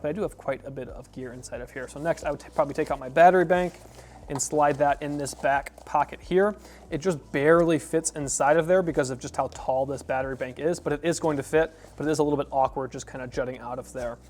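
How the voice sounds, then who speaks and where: A man's voice: a little high, slight background noise. A man giving a casual, rambling gear review, with fillers and self-corrections as he shows bags. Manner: relaxed, rambling, with fillers and restarts.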